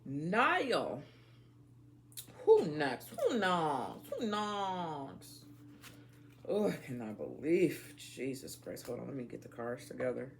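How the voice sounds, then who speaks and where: A tarot reader, a woman, talks to her viewers in blunt, profane slang. Her voice has a gravelly fry and swoops widely up and down in pitch as she goes off on tangents. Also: big pitch swings, unhurried, hardly any pauses, slight background noise. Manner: talks straight to viewers as y'all. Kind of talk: casual tarot reading chat.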